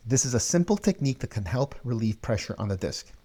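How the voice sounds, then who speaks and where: An energetic man teaching viewers how to speak on camera, leaning hard on key words. His voice sits in a middle range and stays lively and emphatic throughout. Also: medium pitch, fast. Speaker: video coaching host. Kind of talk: energetic instructional talk.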